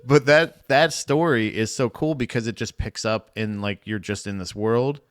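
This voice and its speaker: Guy cohosting a movie podcast, rambly, keeps restarting sentences, swears some, normal pitch. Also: normal speed. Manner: rambling, restarts often, profane. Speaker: podcast co-host. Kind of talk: casual movie chat.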